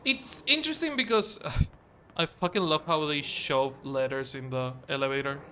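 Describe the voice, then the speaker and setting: A man's voice: fairly high pitch, normal speed, pushed and bright, a little hiss or hum. A man giving casual, rambling gameplay commentary, with frequent swearing and restarts. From outside the US. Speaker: let's play host.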